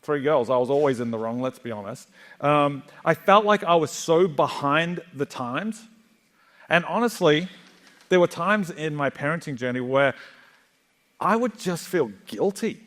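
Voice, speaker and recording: A middle-aged Australian man giving a joking, animated keynote talk to a live audience in a large hall. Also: on the high side, measured pace. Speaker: conference speaker.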